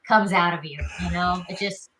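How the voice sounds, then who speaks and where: A woman's voice: fairly low pitch, fairly even intonation, normal speed, sharp tone, a little hiss or hum, poor audio. A woman in her thirties from South Carolina with a Southern accent, chatting as an interview guest and leaning on "you know" and "like". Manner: chatty, upbeat, many fillers like "you know" and "like". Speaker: guest, actress. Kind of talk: casual interview chat.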